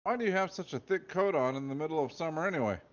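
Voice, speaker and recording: A man's voice: mid-range voice, big pitch swings, moderate pace, highs cut off, pitched above the performer's own voice. A man doing a timid, polite teenage boy. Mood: wary.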